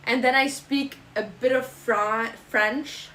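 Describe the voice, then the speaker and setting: A woman's voice: sits high, fairly even intonation, slow pace, sharp tone, a little hiss or hum, rough recording. A young woman streamer with a German accent, chatting playfully and reading out her live chat. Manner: playful, jokey, switching into silly mock phrases.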